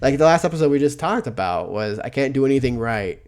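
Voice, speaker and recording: A man's voice: mid-range voice, lively intonation, quick pace, clear, resonant tone. A man co-hosting a casual podcast chat, rambling and stammering a lot, often mocking himself. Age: adult, older than before. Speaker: podcast co-host.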